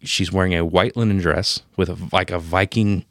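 A man in his thirties telling a personal story on a podcast, emotional and profane, marking each scene change with a sudden boom. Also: fairly even intonation, normal speed, dry recording, clean studio sound. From Pennsylvania. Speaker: podcast co-host. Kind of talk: casual storytelling.

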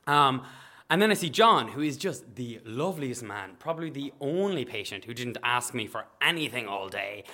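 A man, a nurse, telling a story to an audience, animated and acting out the people in it. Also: medium pitch, normal speed. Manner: animated, acts out voices, bursts of shouting and laughter. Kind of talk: live storytelling.

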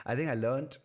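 A man's voice: mid-range voice, a little mellow, lo-fi sound. A man, hosting a casual solo podcast, rambling and self-mocking and swearing freely. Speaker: podcast host.

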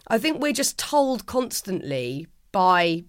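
A woman's voice: medium pitch, big pitch swings, slow pace, no echo, studio quality. A middle-aged woman, a guest in an interview, speaking in a heartfelt, earnest way, often restarting her sentences. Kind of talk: reflective interview conversation.

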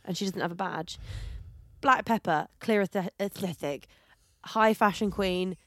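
A woman co-hosting a podcast, chatting in an animated, gossipy way, swearing and laughing often into a handheld mic. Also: mid-range voice, a little slow, dry recording, studio quality. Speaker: podcast co-host. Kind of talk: casual chat.

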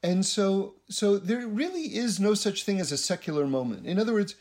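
A man's voice: high voice, lively intonation, normal speed, darkish tone. A man giving a casual spiritual teaching, rambling and often repeating his words.

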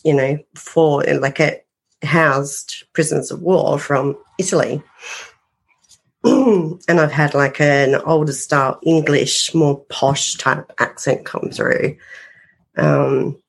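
A woman's voice: sits low, slow, gravelly. A woman, a paranormal investigator telling stories as a guest in a casual interview, rambling and full of fillers.

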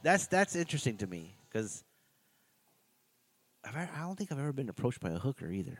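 A man's voice: mid-range voice, very animated, brisk. A man co-hosting a podcast, chatting casually about a show they are watching and laughing often. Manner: laid-back, laughs often, acts out quotes. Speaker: podcast co-host. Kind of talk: casual reaction chat.

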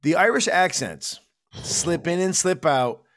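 A man's voice: high voice, expressive, a little slow. An American man in a casual film podcast chat, swearing freely and ranting with mocking outrage. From United States.

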